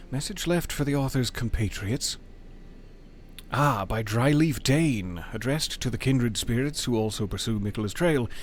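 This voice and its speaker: A man's voice: medium pitch, a little hiss or hum. A man streaming a video game, talking casually and playfully to the game and his chat, sometimes reading item text aloud in a mock-dramatic way. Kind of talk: casual gameplay commentary.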